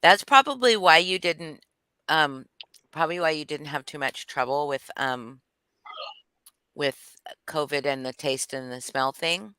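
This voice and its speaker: A woman's voice: low voice, measured pace, sharp tone, smooth, no room sound. A woman hosting a livestream chat, talking frankly and bluntly. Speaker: livestream host. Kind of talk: casual chat. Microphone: streaming video call.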